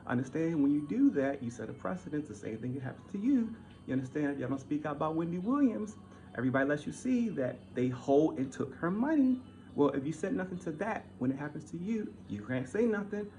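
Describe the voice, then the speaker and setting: A man's voice: sing-song, a little fast, a little hiss or hum. Heated man ranting. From Baltimore. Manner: heated, repetitive, swings from loud to low. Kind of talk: ranting monologue.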